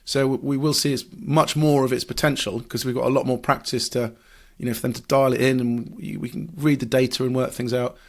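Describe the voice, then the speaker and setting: A man's voice: mid-range voice, steady tone, a little fast. A man, a motorsport journalist, explaining racing strategy in a podcast discussion, analytical with frequent fillers and restarts.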